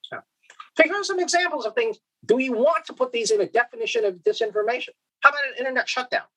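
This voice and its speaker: A very high-pitched man speaks quickly in a roughly recorded conference keynote. Lively and questioning, he poses rhetorical questions to the audience, restarts frequently, and peppers his talk with "okay?"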